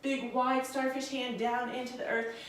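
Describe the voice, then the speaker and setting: A young woman with a fairly high voice leads a yoga practice in a soothing, encouraging tone. She is heard from a distance in a strongly echoing room, with faint noise underneath. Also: flat delivery, normal speed, fairly bright tone. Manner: soothing, encouraging, calls listeners friends. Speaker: yoga teacher. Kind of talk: guided yoga instruction.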